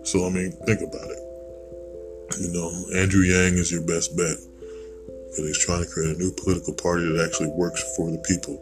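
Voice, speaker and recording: A man's voice: deep voice, flat delivery, normal speed, music in the background, low-quality recording. An American man hosting a podcast, rambling through a blunt, digressive opinion monologue with casual swearing. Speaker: podcast host.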